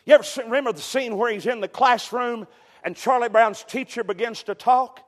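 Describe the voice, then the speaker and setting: A man preaching a sermon as pastor, telling folksy stories and dropping amens, sometimes breaking into shouts. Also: very high voice, fairly quick, big-room sound. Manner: folksy storytelling, peppered with amen, rising to shouts. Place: church sanctuary.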